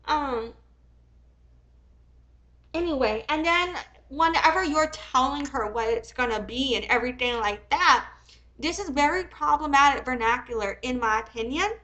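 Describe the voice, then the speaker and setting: A woman reacts on a live stream, reading messages aloud and breaking off into heated, profane rants. Her voice sits high and bright. She rambles, restarts and fills gaps with ums. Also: normal speed, poor audio. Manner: heated and profane, swings from reading calmly to angry outbursts. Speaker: commentary streamer.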